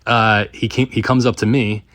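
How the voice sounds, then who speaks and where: A man's voice: lowish voice, flat delivery, moderate pace, a bit bright, no echo, clean studio sound. A man in his thirties telling a rambling story with frequent laughs. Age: 30s. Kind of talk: casual storytelling.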